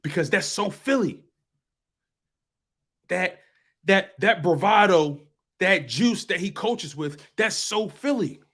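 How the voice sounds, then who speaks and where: A man's voice: high-pitched, lively intonation, takes it slowly, pauses often, a bit bright. A man hosting a fan sports talk show, speaking passionately and emphatically and repeating phrases for effect. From US East Coast.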